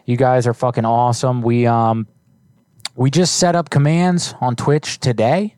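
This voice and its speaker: A man's voice: mid-range voice, fairly even intonation, a little slow, darkish tone, no room sound. A man hosting a live-streamed prank call show, chatting loosely with lots of swearing and fillers. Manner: loose, profane, rambling with fillers. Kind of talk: casual live-stream chat.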